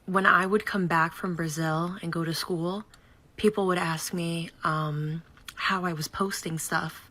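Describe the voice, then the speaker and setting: A woman's voice: on the low side, steady tone, a little slow, sharp tone. A woman telling a casual personal anecdote, recounting it with amused disbelief. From United States. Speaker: interviewee sharing a story.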